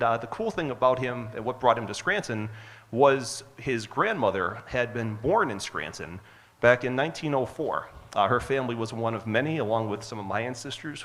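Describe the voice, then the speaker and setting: A man's voice: lowish voice, fairly bright tone. Earnest male storyteller, chatty, uh-filled, long hall reverb. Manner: earnest, conversational, frequent uh's. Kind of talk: personal story told on stage. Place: hotel event hall.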